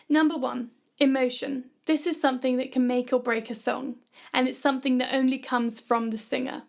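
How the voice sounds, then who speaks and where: A woman narrating a scripted music production tutorial in a calm, clear, instructive way. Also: high-pitched.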